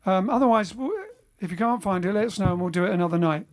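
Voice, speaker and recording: Talking at a quick pace in a voice that sits high, a man hosts his band's livestream from home in lockdown. His chat is casual and rambling, full of fillers and restarts, as he reads viewer comments aloud.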